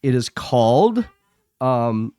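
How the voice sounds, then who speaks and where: A man co-hosting a casual podcast speaks in a halting way, filling pauses with ums and uhs. His pitch is middling. The sound is dry and close-miked. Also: sing-song, warm tone, clear, resonant tone, no echo, faint music behind. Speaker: podcast co-host. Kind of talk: casual chat.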